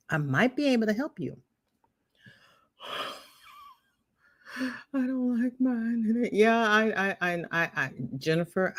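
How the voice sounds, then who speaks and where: Slow-talking older woman hosting a livestream. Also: mid-range voice, no echo, studio quality. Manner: chatty, reads viewer comments aloud, teasing. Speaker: livestream host. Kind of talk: casual livestream chat.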